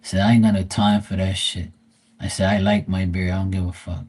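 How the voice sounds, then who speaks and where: A man's voice: deep voice, little pitch movement, brisk, darkish tone. A man hosting a livestream, telling rambling family stories in a blunt, teasing way and swearing freely. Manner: rambling with many fillers and asides. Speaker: tarot reader and livestream host. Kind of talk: casual storytelling.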